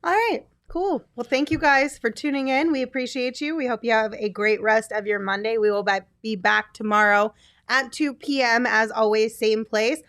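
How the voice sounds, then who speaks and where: A woman's voice: fairly high pitch, fairly even intonation, moderate pace, fairly bright tone, dry recording, studio quality. A woman hosting a casual sports talk show, signing off with upbeat, teasing banter. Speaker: show host.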